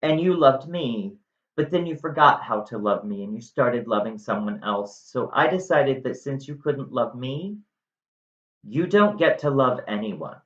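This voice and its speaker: A man's voice: mid-range voice, expressive, a little slow, close to an everyday voice. A man voicing a vengeful demigod sorceress, casual and offhand in a dull, echoey recording. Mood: coolly cruel. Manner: breezy, dismissive, offhand.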